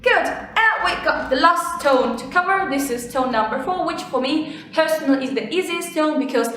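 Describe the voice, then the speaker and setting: High, bright-voiced woman teaching in an echoey room. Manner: expressive, drawn-out demonstration syllables. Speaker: language teacher, channel host. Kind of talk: casual online language lesson.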